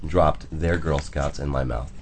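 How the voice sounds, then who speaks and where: A man's voice: rumbling low, fairly even intonation, a little slow, a crowd in the background. A man chatting on a talk show, telling jokey, giggly stories. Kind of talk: casual chat.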